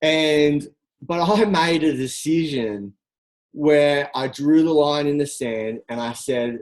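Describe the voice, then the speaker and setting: A coach giving an energetic, direct motivational talk on a group call, full of rhetorical questions. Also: mid-range voice, slow pace, poor audio. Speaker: team coach.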